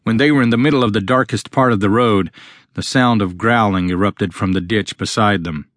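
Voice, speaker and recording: A man narrating a novel as an audiobook, reading steadily and in a measured way. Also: fairly low pitch, a bit bright, dry recording, clean studio sound. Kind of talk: scripted narration.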